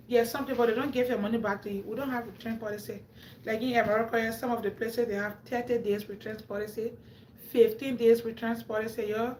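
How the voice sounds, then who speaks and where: High-voiced African-accented woman streaming live. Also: fairly bright tone, a little hiss or hum. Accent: African English. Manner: chatty, talks straight to viewers. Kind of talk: casual live-stream chat. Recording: echoey room, faint ambience.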